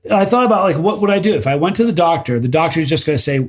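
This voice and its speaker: A middle-aged man chatting casually as a podcast guest, telling animated stories and stumbling over repeated words when he gets going. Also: a little high, racing.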